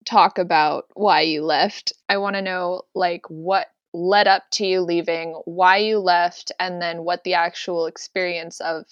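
A woman hosting a podcast asks direct, probing questions in a lowish voice. The sound is dull and lo-fi, with no room echo. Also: steady tone, measured pace, few pauses. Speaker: podcast host. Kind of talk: interview questions.

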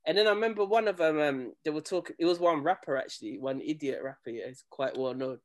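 A young man, a DJ chatting casually and telling animated, slang-filled stories. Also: a little high, quick pace. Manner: animated storytelling, slangy, acts out quoted people. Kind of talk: casual chat.

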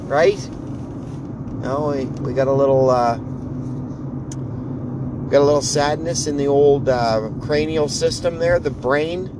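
A man, hosting a podcast in a wry, rambling monologue full of halting restarts. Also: on the high side, background noise. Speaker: podcast host.

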